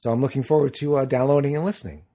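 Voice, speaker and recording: Middle-aged male podcast host, husky, chatty and rambling with fillers. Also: medium pitch, steady tone, rapid-fire, mellow. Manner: rambling with many fillers and restarts. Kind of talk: casual chat.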